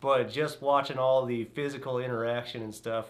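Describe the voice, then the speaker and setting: A man's voice: medium pitch, steady tone, moderate pace. West Texas man, folksy drawl. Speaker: podcast co-host. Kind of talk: casual podcast outro.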